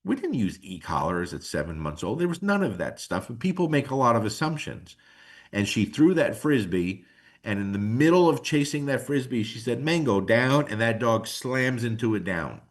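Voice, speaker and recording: A middle-aged man who trains dogs, telling stories in an emotional, animated and casual way as a podcast guest. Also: mid-range voice, moderate pace. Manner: casual, slangy. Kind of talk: podcast conversation.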